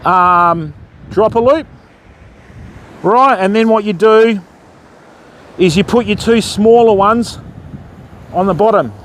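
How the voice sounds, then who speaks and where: The fishing livestream host speaks in a high pitch, slowly and with frequent pauses, as he casts on a stormy beach and discusses his gear. Wind and surf hiss faintly beneath his relaxed chatter, and he greets viewers by name, calling everyone mate.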